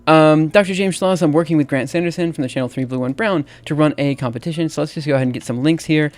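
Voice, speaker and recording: A man in his thirties from Alabama with a Southern accent, chatting casually on a livestream as he types, hesitant and full of fillers. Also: a little high. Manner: halting, filler-heavy, laughs at himself. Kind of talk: casual livestream chat while typing. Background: faint music and keyboard typing.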